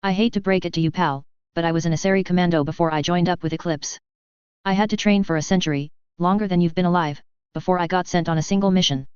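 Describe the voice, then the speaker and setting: A woman's voice: fairly low pitch, steady tone, fast talker, darkish tone, clear, resonant tone, no echo, dull audio, natural voice. A woman voicing a defiant alien female mercenary leader who speaks with hissing scorn in a story reading.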